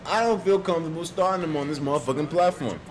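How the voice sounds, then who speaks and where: A man chatting casually on a live stream, profane and animated, reading out viewer donations with sudden loud jumps in pitch. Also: quick pace, a little hiss or hum. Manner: reads viewer donations aloud.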